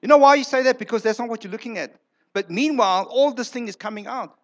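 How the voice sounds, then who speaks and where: A man's voice: very high voice, fast talker, lo-fi sound. A male pastor preaching a sermon in a church, emphatic, repeating words for effect and acting out quoted lines.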